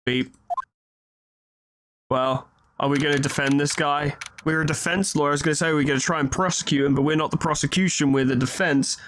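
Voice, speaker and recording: A man's voice: on the high side, fairly even intonation, fast, fairly bright tone, a little hiss or hum. A man giving casual, joking and sarcastic commentary while playing a video game. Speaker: let's play host. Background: game music.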